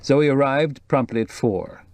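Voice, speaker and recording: A man narrating an audiobook in a measured, even storytelling voice. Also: medium pitch, no echo. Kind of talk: scripted narration.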